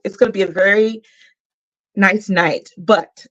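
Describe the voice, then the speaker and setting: A woman's voice: mid-range voice, steady tone, a little slow, fairly bright tone. Woman, live-stream host, casual hype talk, repeats herself, dull lo-fi sound.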